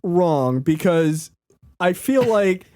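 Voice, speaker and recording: Higher-voiced man in profane podcast banter. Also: no echo, studio quality. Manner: profane, animated, acts out scenes in quick impressions. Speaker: podcast co-host. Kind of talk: casual movie-review banter.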